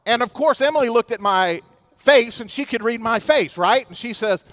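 Middle-aged male pastor, high voice, earnest sermon storyteller with humor, dry close sound. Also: animated, normal speed, fairly bright tone, dry recording.

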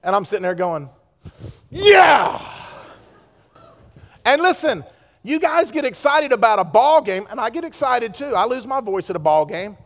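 A pastor preaching a sermon to his congregation, with pleas that swing from loud urgency to hushed earnestness. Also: sits high, very animated, fairly quick, few pauses, in a large hall. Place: church sanctuary.

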